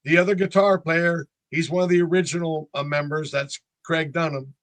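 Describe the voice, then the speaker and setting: A man in his sixties from North Carolina, a band member, tells stories in a casual interview and acts out the voices of the people in them. His voice is a little high and his pace moderate, on a dry recording.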